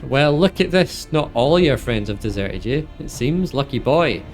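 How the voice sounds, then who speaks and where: A man voicing a scornful, rough male thug, reading game dialogue aloud in a hammy, sneering voice over game music. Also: medium pitch, lively intonation, a little slow. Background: video game music.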